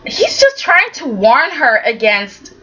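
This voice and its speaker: A woman's voice: sits high, huge pitch swings, takes it slowly, lo-fi sound, noisy background. A woman giving a chatty, sassy recap of a soap opera and acting out the characters' lines. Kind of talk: casual recap commentary.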